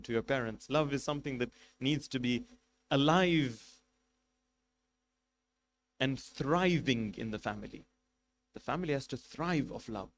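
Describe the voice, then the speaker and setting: Emphatic man preaching a sermon, pitched a bit high. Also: slight background noise. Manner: emphatic, numbered points, rhetorical questions. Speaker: sheikh giving a majlis lecture.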